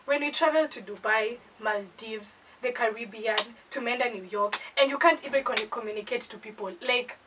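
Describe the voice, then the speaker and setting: A woman's voice: a little high, moderate pace, hardly any pauses, recorded from a distance, noisy background. A young Kenyan woman with a Kenyan accent, animatedly telling a playful storytime in a casual chat. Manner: animated, playful, dramatizes with acted asides.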